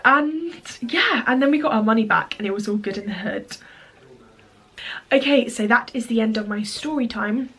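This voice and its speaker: Young woman, husky voice, rambling storytime vlogger. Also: on the high side, moderate pace, a bit bright. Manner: chatty, rambling, heavy use of "like". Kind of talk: storytime vlog.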